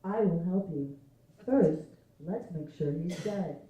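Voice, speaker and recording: Deadpan emergency operator, a man putting her on. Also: high-pitched, slow pace. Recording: distant, very echoey stage.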